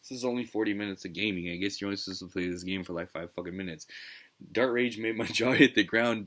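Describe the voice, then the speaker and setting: Deep-voiced, exasperated ranting man. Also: fairly bright tone, low-quality recording. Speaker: gaming streamer. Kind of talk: casual live-stream commentary.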